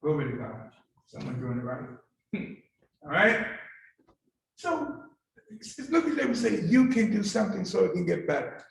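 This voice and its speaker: Male pastor, call-and-response sermon, gravelly voice, distant echoey church recording. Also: sits high, big pitch swings, normal speed, pauses often. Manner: fervent, coaxing the congregation to repeat after him. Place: church sanctuary. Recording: very echoey church hall from far off.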